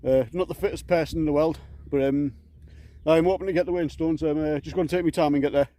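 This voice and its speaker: A man vlogging casually while hiking up moorland outdoors, out of breath and speaking haltingly with lots of fillers. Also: fairly high pitch, steady tone, dark tone. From England. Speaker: camping vlogger.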